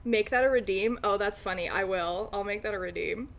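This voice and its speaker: A woman's voice: mid-range voice, brisk, vocal fry. A woman chatting casually with her stream viewers and breaking into frequent laughing fits. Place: room lit by natural light.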